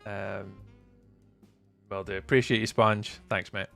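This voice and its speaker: A young man chatting casually with viewers while live streaming, playful and often trailing off into a softer voice. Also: lowish voice, steady tone, slow, creaky, faint music behind.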